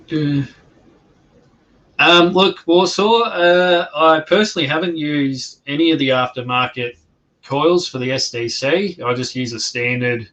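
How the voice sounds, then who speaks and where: An Australian man hosting a casual livestream, chatting in a slow and rambling way with many fillers and restarts. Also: mid-range voice, pushed and bright, poor audio. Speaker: livestream host. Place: home during lockdown.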